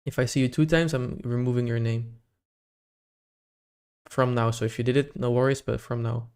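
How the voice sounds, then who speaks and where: A man's voice: medium pitch, fairly even intonation, moderate pace, a little mellow, smooth. A young man on a casual live stream, chatting to his viewers and reading out their names one by one. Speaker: livestreamer running a giveaway.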